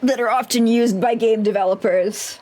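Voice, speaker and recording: A woman's voice: a little high, steady tone, moderate pace, dark tone. Profane rambling woman streamer. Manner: rambling and profane, with self-mocking asides. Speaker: livestreamer playing a role-playing game. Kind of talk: casual gameplay chat with viewers.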